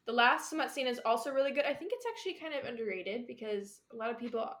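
A woman co-hosting a chatty podcast gushes about a book, with plenty of "um"s and "like"s and frequent giggles. Her voice is on the high side, a bit bright, and quick.

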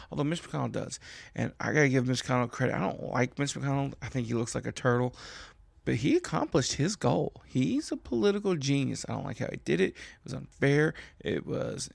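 A man from Kentucky, creaky-voiced and recorded without room sound, rants about politics alone on his own show. Exasperated and animated in a casual way, he pushes his voice sharply higher to emphasize things.

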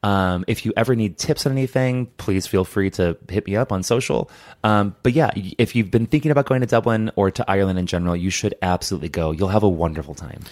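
Enthusiastic podcast man with a lowish voice. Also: fast talker, darkish tone. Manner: enthusiastic, gushing, many fillers. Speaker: podcast co-host. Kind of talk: casual chat.

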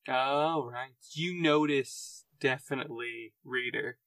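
A man's voice: medium pitch, a bit bright, no echo, recorded from a distance. A man running a tabletop game as game master, laughing often and restarting sentences. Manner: laughing often, restarts mid-sentence, puts on quick character voices.

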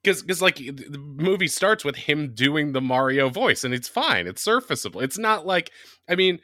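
Lively bright-voiced man chatting. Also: a little high, moderate pace, no room sound, clean studio sound. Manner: animated, laughs often, rambling with fillers. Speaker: podcast co-host. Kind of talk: casual chat.

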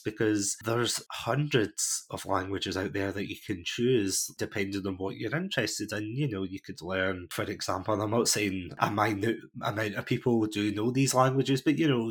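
A man hosting a podcast, chatting in an earnest, animated way and laughing often. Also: on the low side, breathy edge. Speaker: podcast host. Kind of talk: casual podcast chat.

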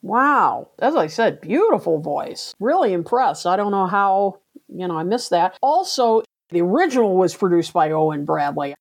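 A woman's voice: fairly low pitch, big pitch swings, no echo. A woman co-hosting a podcast, reacting eagerly and chatting about old songs. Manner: enthusiastic, quick to react. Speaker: podcast co-host. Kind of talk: casual chat about music charts.

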